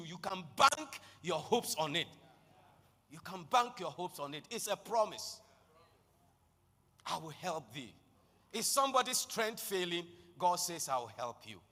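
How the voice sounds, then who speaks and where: A man preaching a sermon with passion, often rising to shouted declarations. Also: sits high. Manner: impassioned, building to shouted declarations. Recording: long echo of a large hall.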